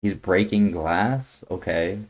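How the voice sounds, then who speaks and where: A young man ranting through a trailer reaction, blunt and heavily profane, swinging from grumbling to shouting outrage. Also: deep voice, slow pace, faint music behind. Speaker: YouTuber reacting to a movie trailer.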